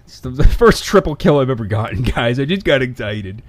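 A young man giving casual, sarcastic commentary over his own shooter gameplay, swearing and breaking into excited outbursts. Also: mid-range voice, brisk, dry recording.

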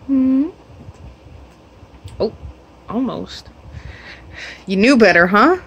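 A woman chats to her pets in swooping baby talk, her pitch leaping all over the place. She takes her time, unhurried and teasing. It has the easy feel of casual home footage. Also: expressive, dull audio, a little hiss or hum. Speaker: pet owner filming her animals.

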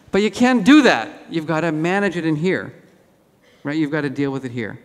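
A man giving a lively conference keynote, telling animated self-deprecating stories on stage. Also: on the high side. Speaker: keynote speaker. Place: large auditorium. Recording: hall reverb.

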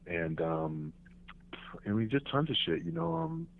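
Gravelly-voiced man storytelling over a phone line. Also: lowish voice, measured pace, a little hiss or hum. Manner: animated storyteller, acts out voices and laughs. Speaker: podcast guest, former wrestler. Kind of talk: casual storytelling interview.

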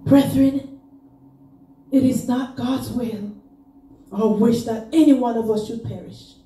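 A woman's voice: fairly high pitch, fairly even intonation, slow, warm tone. A woman pastor preaching a fervent sermon, chanting and crying out in rising sung phrases. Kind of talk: Pentecostal sermon. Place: church. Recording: roomy church sound from far off.

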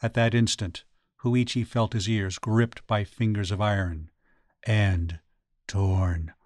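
A man narrating a ghost story audiobook in a measured, dramatic way. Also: on the low side, steady tone, no room sound. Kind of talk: scripted narration.

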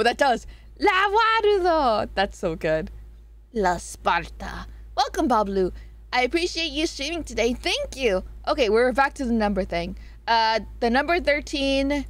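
A woman's voice: high-pitched, dry recording. A woman streaming a casual chat, reading out viewer suggestions, giggling often and swearing freely.

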